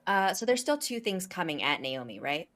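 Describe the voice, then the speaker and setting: A woman playing a tabletop horror game, calmly talking through her character's improvised plan. Her voice sits low for a woman. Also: normal speed. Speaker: player.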